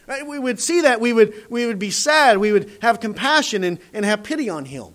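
Man, sermon, high-pitched voice, animated rhetorical delivery, keeps asking "right?". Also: a little fast, few pauses. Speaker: preacher.

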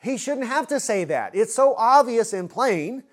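A man's voice: very high-pitched, expressive, measured pace. A man preaching an expository sermon, earnest and full of rhetorical questions.

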